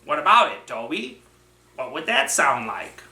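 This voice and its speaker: Man doing a high bouncy puppet pal. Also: very animated, measured pace, sharp tone, reverberant, exaggerated voice. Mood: curious. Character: excitable young male puppet pal. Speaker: puppet co-host. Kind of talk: children's puppet show.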